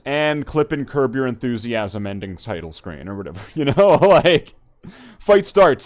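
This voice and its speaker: A man's voice: mid-range voice, sing-song, moderate pace, a little mellow. A man hosting a podcast in casual chat, rambling and joking, swearing freely. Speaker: podcast host.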